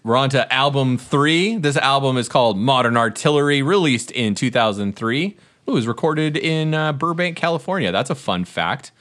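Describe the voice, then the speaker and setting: A man's voice: medium pitch, lively intonation, normal speed, a bit bright. A man hosting a podcast in casual, upbeat chat. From Canada. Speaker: podcast host.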